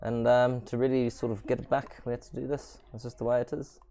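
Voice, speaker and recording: A man's voice: mid-range voice, level tone, a little fast, warm tone. A man with a South African accent hosting a casual gaming stream, rambling and self-mocking. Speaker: stream host.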